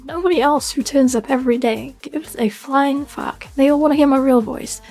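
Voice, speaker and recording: A man's voice: extremely high pitch, normal speed, darkish tone, faint music behind, pitched above the performer's own voice. A British man talking through a voice changer as a young goth woman streamer, chatty and giggly in casual live-stream chat.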